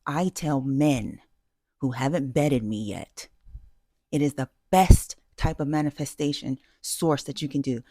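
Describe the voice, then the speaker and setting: A woman vlogger with a rumbling low, warm voice speaks a little slowly, recorded with no room sound at studio quality. In casual talking-head style, she hands out dating advice with self-assured emphasis, full of fillers and restarts.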